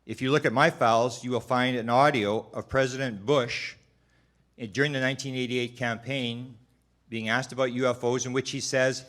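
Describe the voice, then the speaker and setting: A man's voice: medium pitch, steady tone, a bit bright. Man reading formal hearing testimony. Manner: measured, formal delivery with occasional restarts.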